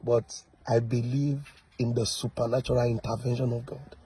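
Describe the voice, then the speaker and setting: A man preaching a sermon, emphatic and full of rhetorical questions, swinging between loud and soft. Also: mid-range voice, flat delivery, moderate pace, husky, dry recording, low-quality recording. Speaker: pastor.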